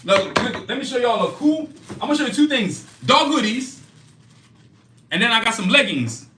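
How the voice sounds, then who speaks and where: A man hosting a live stream, pitching his own comic art and merch in a hyped, casual way, repeating himself and talking straight to viewers. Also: animated, normal speed, bright, forceful tone, roomy sound, a little hiss or hum. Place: indoor studio, clothing hanging behind him.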